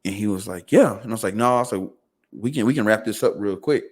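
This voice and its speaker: Low-voiced man telling a story. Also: fast. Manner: fillers and repeated words, quoting others in dialogue. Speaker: podcast guest. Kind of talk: casual storytelling.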